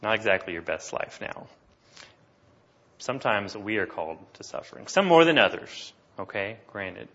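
A man preaching a sermon, explaining scripture in an animated way and asking his listeners questions. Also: lowish voice, moderate pace, lo-fi sound. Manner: animated, asks the congregation questions.

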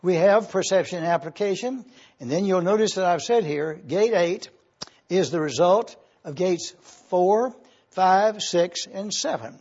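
A man preaching a Bible teaching sermon, explaining terms deliberately and drawing out key words slowly. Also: high-pitched, expressive, a little mellow, slightly rough. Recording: muffled lo-fi recording.

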